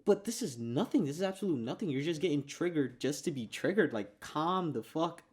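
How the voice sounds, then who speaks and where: A man's voice: fairly high pitch, animated, brisk. A man giving casual reaction commentary in a blunt, mocking way, swearing freely.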